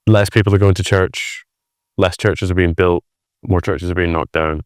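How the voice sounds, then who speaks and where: A Scottish man with a fairly low voice chats as a podcast guest. He tells his stories in a lively way and often restarts his sentences. The sound is close and dry. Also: moderate pace, clean tone, dry recording. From Scotland. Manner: animated storytelling with many restarts. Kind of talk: casual conversation.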